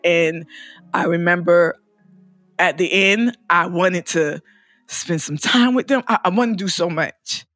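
A woman's voice: on the low side, unhurried, no echo, faint music behind. A woman who is a poet, telling her personal story in an interview and acting out other people's lines. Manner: emotional, acts out other people's lines in lively voices.

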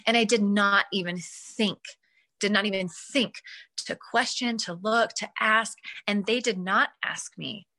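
Brief: woman guest, bright tone, animated personal storyteller. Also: medium pitch, a little slow. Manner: animated, acts out her own past reactions. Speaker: guest, mother telling her son's story.

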